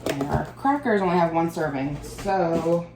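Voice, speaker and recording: A woman's voice: fairly low pitch, lively intonation, measured pace, heavy background noise. A woman in her thirties chatting casually to the camera in a vlog, rambling and laughing often. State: out of breath. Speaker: vlogger.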